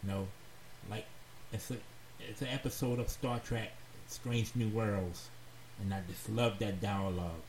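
A man hosting a radio talk show, giving heartfelt advice in a slow, earnest, preachy way and repeating phrases for emphasis. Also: on the low side, fairly even intonation, a little mellow. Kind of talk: heartfelt advice monologue to listeners. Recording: roomy echoey sound with faint background noise.

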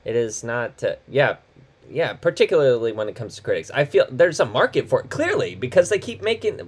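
A man co-hosting a casual movie podcast, relaxed, often laughing and swearing offhandedly. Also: mid-range voice, a little fast, slightly rough. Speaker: podcast co-host. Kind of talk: casual movie review chat.

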